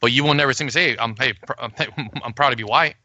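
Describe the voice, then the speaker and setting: Bright-voiced animated podcast guy. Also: mid-range voice, quick pace, no room sound, lo-fi sound. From Puerto Rico. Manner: animated, swearing, acts out quoted arguments. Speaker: podcast co-host. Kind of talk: casual podcast chat.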